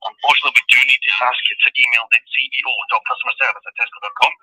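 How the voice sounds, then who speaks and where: A man's voice: mid-range voice, little pitch movement, very fast, very noisy. A man working as a customer service manager, answering a complaint with polite, formulaic lines he repeats like a script. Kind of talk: scripted call-centre reply.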